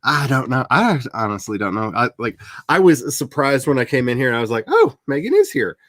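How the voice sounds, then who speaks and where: A man with an Ozarks accent chatting casually on a livestream, telling stories and acting out quick silly voices. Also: no echo. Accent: Ozarks Southern US. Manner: animated storyteller who jumps into squeaky voices. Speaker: author hosting a livestream.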